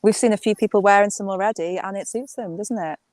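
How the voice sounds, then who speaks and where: An English woman co-hosting a casual live chat, relaxed and laughing at herself. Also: mid-range voice, fast, dry recording. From England. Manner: relaxed, laughing, self-deprecating. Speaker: co-host of a metal detecting channel.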